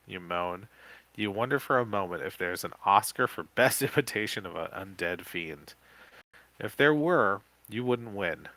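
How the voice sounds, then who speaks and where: A man co-hosting a podcast, reading an interactive horror book aloud live with quick self-corrections. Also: low-pitched, expressive, pushed and bright, dry recording. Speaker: podcast co-host.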